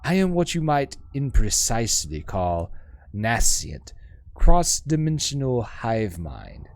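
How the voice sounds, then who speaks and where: A man's voice: mid-range voice, wildly swooping pitch, slow pace, exaggerated voice. A man voicing a serene, formal woman scholar with careful, precise diction in a game. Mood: measured, gracious.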